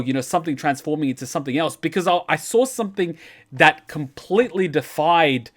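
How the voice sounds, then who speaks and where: A man, an anime reaction channel host, telling a personal story in a casual, animated way, swearing freely and getting louder when excited. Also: fairly high pitch.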